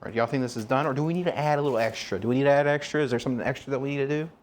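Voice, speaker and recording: Here a man speaks in rapid-fire bursts at a medium pitch. It's a relaxed kitchen livestream where he cooks, wanders off on tangents, and throws questions to the people watching.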